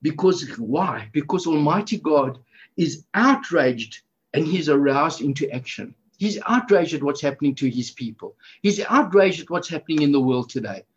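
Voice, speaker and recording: Speaking at normal speed, an excitable, fervent preacher with a husky, fairly high voice gives his sermon in enthusiastic bursts. The audio sounds a little dull and lo-fi.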